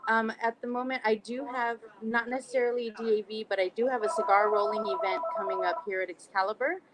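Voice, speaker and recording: A woman's voice: fairly high pitch, steady tone, quick pace, very noisy. A woman chatting casually as a podcast guest, talking about events with frequent "um" fillers. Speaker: podcast guest, cigar brand rep.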